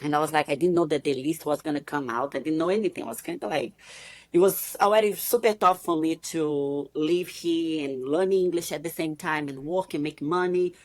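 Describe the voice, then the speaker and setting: A woman in her thirties from Brazil with a Brazilian Portuguese accent, a podcast guest telling her story in a lively way, filling her talk with "you know, like". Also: low-pitched, a little fast, no room sound. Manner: animated, acts out quoted voices, many "you know, like" fillers. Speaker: podcast guest, bikini competitor. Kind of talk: casual interview storytelling.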